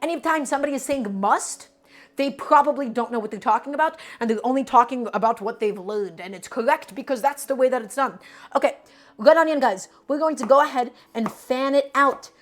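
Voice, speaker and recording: Chatty high-voiced woman teaching cooking. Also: brisk. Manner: chatty and coaching, addresses the audience as "guys" and repeats "go ahead". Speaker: cooking streamer. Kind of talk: live cooking stream, chatting with viewers while prepping.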